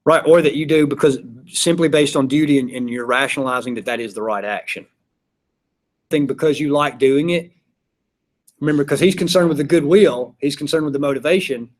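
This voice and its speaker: A man's voice: on the high side, fairly quick. A man giving a casual classroom lecture, chatty, acting out his examples in little voices. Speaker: philosophy teacher.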